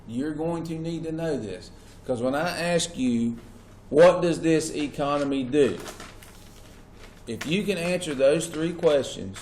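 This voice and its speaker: A man's voice: on the high side, darkish tone. A man lecturing a class as their teacher, asking questions and stressing key words. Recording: echoey classroom with faint noise.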